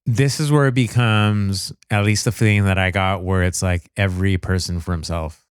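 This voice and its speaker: A man chats casually on a podcast, relaxed and unhurried, with "you know" fillers. His voice is very deep, smooth and clear. The recording is dry and close-miked. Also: no echo. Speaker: podcast co-host. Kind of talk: casual movie review chat.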